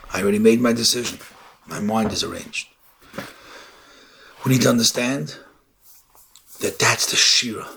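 A man giving an impassioned sermon as a rabbi, telling stories and rising to shouts on key points. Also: mid-range voice, gravelly, slightly rough. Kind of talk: sermon with storytelling.

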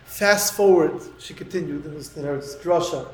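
High-voiced man telling an emotional story. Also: normal speed, roomy sound, a little hiss or hum, low-quality recording. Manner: dramatic, rising to near-shouting at emotional peaks.

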